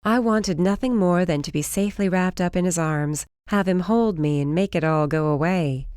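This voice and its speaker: Female audiobook narrator, lower voice, dry close recording, steady first-person read. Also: moderate pace, smooth, no room sound.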